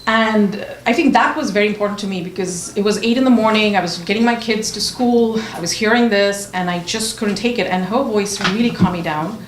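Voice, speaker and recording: An expressive woman on a conference panel, recounting stories and acting out the voices of her friends. Her voice reaches a distant mic and rings around a reverberant room, with steady background noise underneath. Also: mid-range voice, fairly quick, hardly any pauses. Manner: animated storytelling, acting out quoted friends. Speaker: author on a panel. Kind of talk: panel discussion.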